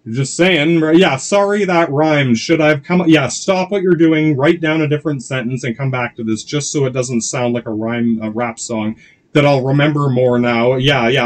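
A man from Canada rambling through a profane political rant, full of restarts and asides. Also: a little high. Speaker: channel host.

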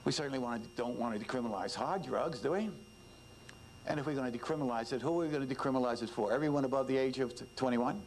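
A man's voice: medium pitch, racing, slight background noise, rough recording. A man, a former detective giving an informal talk to students, emphatic and repetitive, with many "you know"s. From New York. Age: 70s.

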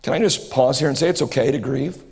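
A man's voice: mid-range voice, quick pace, creaky, darkish tone. A man, preaching a sermon as pastor, earnest and repetitive, rising to impassioned bursts. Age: 40s. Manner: earnest, repeats phrases, rises to impassioned bursts. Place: church sanctuary. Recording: reverberant church hall.

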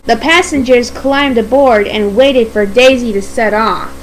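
Female storybook narrator, high and unhurried, expressive read-aloud. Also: a little hiss or hum, rough recording. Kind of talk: storybook reading.

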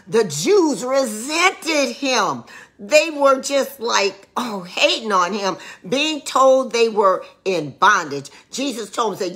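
A woman's voice: fairly high pitch, sing-song, measured pace, fairly bright tone. A middle-aged woman co-pastor teaching a livestreamed Bible lesson, preaching emphatically and rising to exclamations. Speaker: co-pastor teaching Sunday school.

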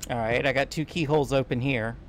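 A man's voice: mid-range voice, fairly even intonation, quick pace, slight background noise. A man playing a co-op game, explaining puzzles in a teasing, bossy way over voice chat. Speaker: gamer playing co-op. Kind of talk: casual gameplay chat.

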